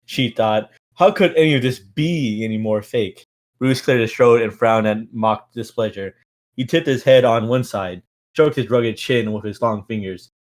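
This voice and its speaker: A man reading a novel aloud on a stream in a casual way, with stumbles, restarts and stifled laughs. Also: fairly low pitch.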